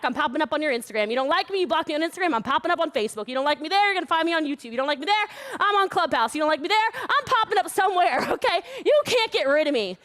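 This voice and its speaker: A loud, brash woman giving a playful, high-energy motivational talk at an online event. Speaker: motivational speaker.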